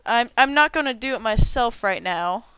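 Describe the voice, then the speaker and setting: A young woman hosting a casual unboxing video, bubbly and excitable, tripping over her words as she gushes. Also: on the high side, normal speed, clean tone, dry recording. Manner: bubbly and excitable, gushing with stumbling repeats. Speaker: unboxing channel host.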